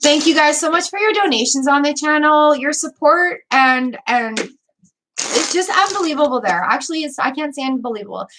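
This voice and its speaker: On a live stream with background noise, a tarot reader offers encouraging, chatty card readings while she has the hiccups. Her high, expressive voice moves at a moderate pace, with repeated words and fillers.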